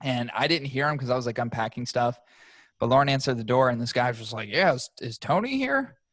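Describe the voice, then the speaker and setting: A young man chats on a podcast and swears freely while he tells an animated story. His voice sits at an ordinary pitch and sounds close and dry, with no room around it. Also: fast, no room sound. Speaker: podcast co-host. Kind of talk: casual chat.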